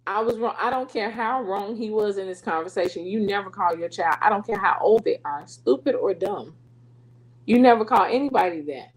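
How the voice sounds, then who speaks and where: Middle-aged woman, faith show host, chatty and animated storytelling, laughs a lot. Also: mid-range voice, fairly quick, poor audio. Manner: animated, laughing, slips into dialect and quoted voices. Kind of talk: casual storytelling to listeners.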